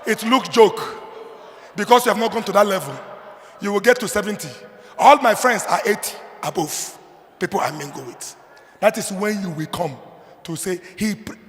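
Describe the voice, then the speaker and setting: A man with a Nigerian accent preaching a sermon, swinging between loud emphatic declarations and quiet low asides. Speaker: pastor. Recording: long hall reverb.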